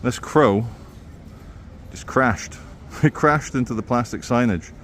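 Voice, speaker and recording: A man's voice: medium pitch, takes it slowly, slight background noise. A man, narrating a walking street vlog in a wry, sardonic tone. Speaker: street vlogger. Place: outdoors on city streets.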